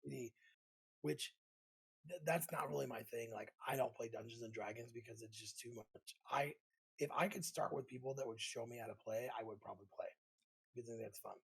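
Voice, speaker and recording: A man's voice: mid-range voice, brisk, gravelly, slightly rough, low-quality recording. A man co-hosting a gaming podcast, chatting casually and with enthusiasm. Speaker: podcast co-host. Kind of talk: casual chat.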